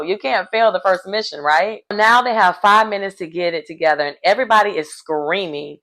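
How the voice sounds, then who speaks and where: A woman, recapping a reality show in a casual, animated way and laughing often. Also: fairly low pitch, a little fast, hardly any pauses.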